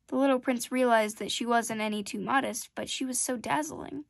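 A woman reading a classic children's novel aloud in a gentle, measured storytelling manner. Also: a little high, steady tone, creaky, no echo. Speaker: storybook reader.

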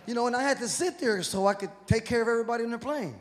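A man's voice: extremely high pitch, very fast, hardly any pauses. A man from Houston, Texas, performing a profane, punchy stand-up comedy set on stage. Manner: profane, rowdy, punchy delivery. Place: comedy stage before a live audience. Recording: live venue with long reverb and crowd noise. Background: audience laughter and hall ambience.

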